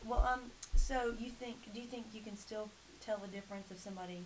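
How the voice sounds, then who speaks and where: A woman interviewer asking halting questions, often restarting them. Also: medium pitch. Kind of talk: oral-history interview questions. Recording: hissy recording.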